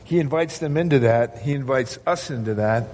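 A man's voice: medium pitch, moderate pace, darkish tone, a little hiss or hum. A male pastor preaching a sermon to his congregation, earnest and asking rhetorical questions.

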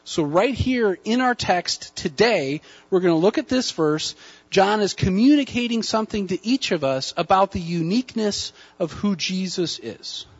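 High-voiced man preaching in church. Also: expressive, slightly rough, highs cut off, faint music behind. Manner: conversational, folksy preaching with asides; hushed, slow prayer. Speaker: guest preacher. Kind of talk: sermon. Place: church sanctuary.

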